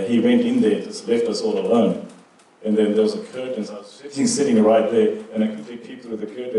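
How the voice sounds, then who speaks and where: A man's voice: lowish voice, darkish tone, slight background noise. A middle-aged man telling cheeky personal anecdotes in a casual, chuckling way. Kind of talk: casual storytelling. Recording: echoey room, distant mic.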